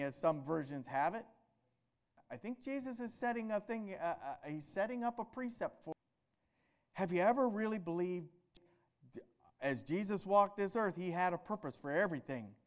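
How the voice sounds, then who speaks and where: Animated high-voiced male preacher. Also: moderate pace. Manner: animated, rhetorical questions, swings between loud emphatic and quiet. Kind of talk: sermon.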